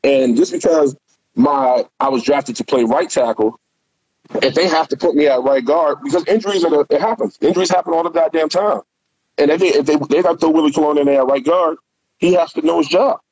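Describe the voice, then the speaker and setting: A man's voice: fairly high pitch, a little fast, darkish tone, dry recording, low-quality recording. A man who is a former pro football player, telling candid, profane stories in a casual interview. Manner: candid, profane, loose storytelling.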